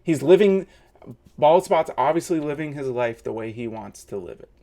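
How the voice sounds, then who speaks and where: A man's voice: a little high, expressive, normal speed, warm tone. Heated man ranting in a reaction video. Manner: heated, mocking rant. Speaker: host. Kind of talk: reaction commentary.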